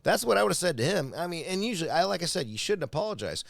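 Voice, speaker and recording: A man's voice: a little high, very animated, racing, gravelly, no echo. A man reacting to a clip in a casual rant, profane and agitated, often stumbling and repeating words.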